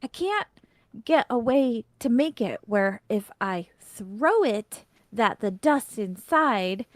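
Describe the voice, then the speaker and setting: Woman putting on a chatty high gnome tinkerer. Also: expressive, slow pace, no room sound. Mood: frustrated. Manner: chatty, huffy, rambling. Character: fussy, excitable female gnome tinkerer.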